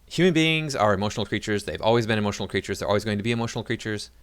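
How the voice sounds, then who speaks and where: A man's voice: on the low side, animated, rapid-fire, clean tone. A man giving casual reaction commentary to his viewers, rambling with many fillers and restarts. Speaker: video commentator.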